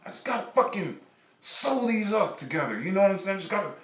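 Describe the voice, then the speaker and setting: A man's voice: high-pitched, sing-song, fast, fairly bright tone, reverberant, a little hiss or hum, voice pushed up. A man voicing a hot-tempered young male singer who talks in a frantic, whiny way and slides into crooning.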